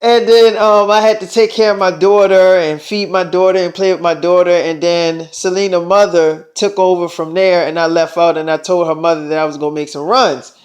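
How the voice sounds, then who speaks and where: A young man with a high voice spins a casual, rambling tale. He talks loosely, stacking fillers and swearing as he goes. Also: flat delivery, normal speed, hardly any pauses. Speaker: storyteller. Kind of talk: casual storytelling.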